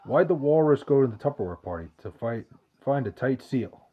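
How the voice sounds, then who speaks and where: A man's voice: mid-range voice, expressive, normal speed, narrow, tinny audio. A man hosting a podcast, reading out chat questions in loose, profane, joking banter. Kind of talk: casual chat.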